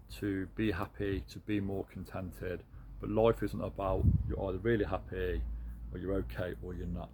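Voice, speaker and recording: A British man speaks in a somewhat low voice, talking earnestly and reflectively as he encourages his viewers. It is a candid motivational monologue, with a faint hum of ambience behind him. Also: darkish tone. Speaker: motivational vlogger.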